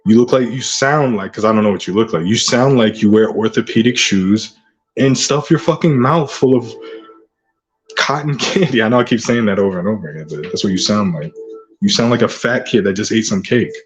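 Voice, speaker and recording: A man's voice: fairly low pitch, fairly quick, soft background music. A man hosting his own channel, delivering an aggressive, profane rant full of taunting insults. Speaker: channel host. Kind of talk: ranting vlog monologue.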